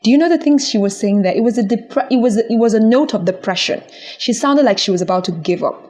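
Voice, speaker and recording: A young woman hosting a podcast, talking in an earnest, encouraging way with lively swings in her voice. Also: fairly high pitch, fast talker, soft background music. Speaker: podcast host. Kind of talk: casual monologue.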